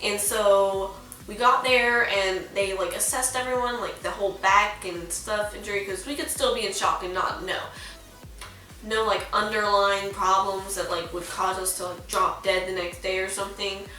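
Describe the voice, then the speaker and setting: A woman's voice: mid-range voice, steady tone, moderate pace, bright, forceful tone. A young woman in her late teens telling a story in a casual vlog, chatty and full of "like", acting out what people said. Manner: chatty, heavy use of "like", acts out quoted lines. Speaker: vlogger. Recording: very echoey room, distant mic, faint music.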